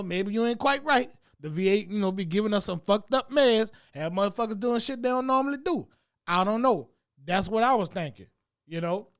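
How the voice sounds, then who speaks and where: A man, a comedy show host, delivering a profane, animated comic rant about what he has seen around town. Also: sits high.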